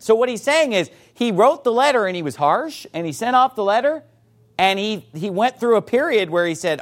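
A male preacher delivering a sermon with a high, lively voice that swoops up and down. He reads scripture aloud and slips into quoted voices as he explains. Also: moderate pace. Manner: animated, acts out quoted voices.

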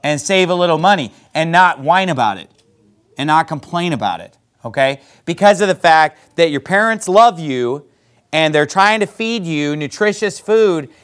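A man preaching a sermon, reading scripture aloud and mocking whiners with exaggerated voices. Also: moderate pace. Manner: preaching with animated high outbursts and scripture reading. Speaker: pastor.

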